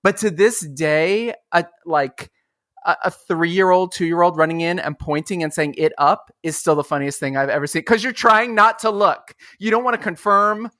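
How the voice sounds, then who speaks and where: A man hosting a podcast interview, enthusiastic and animated, telling stories with lively energy. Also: high voice, moderate pace, dry recording, studio quality. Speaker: podcast host. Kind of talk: casual interview chat.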